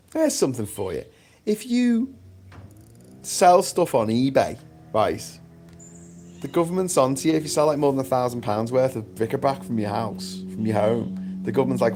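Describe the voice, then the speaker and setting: A man's voice: medium pitch, moderate pace, faint music behind. A man hosting a casual livestream chat, rambling and swearing freely. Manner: rambling, sweary, animated asides. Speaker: livestream host.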